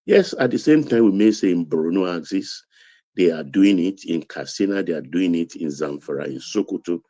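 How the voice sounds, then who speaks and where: A Nigerian-accented man talking politics in a low, dark voice. He drives his points home with emphatic repetition. The sound is dry and close. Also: normal speed, no room sound. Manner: emphatic, building to raised intensity. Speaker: political commentator. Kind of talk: political commentary.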